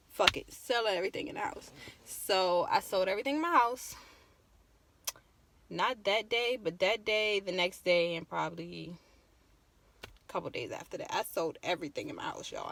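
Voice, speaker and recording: Young woman vlogging, teary, mid-pitch voice, talks real casual and emotional. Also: gravelly, fairly bright tone. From Virginia. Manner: emotional, tearful, casual storytelling. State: close to crying. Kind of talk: personal storytelling vlog.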